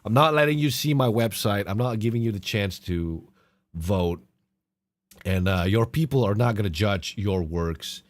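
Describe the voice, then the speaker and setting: A man hosting a podcast, ranting casually with profane, animated outbursts. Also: lowish voice, moderate pace, no echo. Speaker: podcast host.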